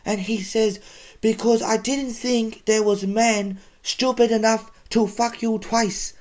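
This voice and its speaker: A man putting on a high, broken-English joke teller. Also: steady tone, slow pace. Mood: jokey. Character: dim-witted male comedian with broken English.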